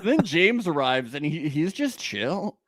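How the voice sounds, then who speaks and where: A man's voice: on the high side, very animated, a bit bright, no room sound, studio quality. A man co-hosting a podcast, recapping a show in casual, jokey banter and often laughing. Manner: jokey, laughing, quick impressions. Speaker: podcast co-host.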